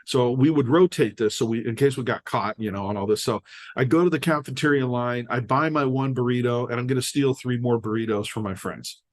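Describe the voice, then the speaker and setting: Talking a little fast at a medium pitch, this older American podcast guest shares personal stories in a relaxed chat. He's an animated storyteller who performs the dialogue himself.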